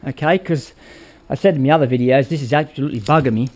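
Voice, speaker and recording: A man shows off his motorbike project in his workshop, talking loosely and pointing things out as he goes. His voice sits at an ordinary middle pitch. He keeps checking in with the viewer in a casual, unscripted way. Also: quick pace, darkish tone. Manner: rambling, hands-on, addresses viewers with "all right?". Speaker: motorbike build vlogger. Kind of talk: casual workshop how-to talk.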